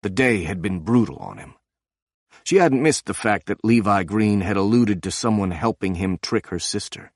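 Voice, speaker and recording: A man narrating a thriller audiobook in a measured, even reading. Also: lowish voice, dry recording, studio quality.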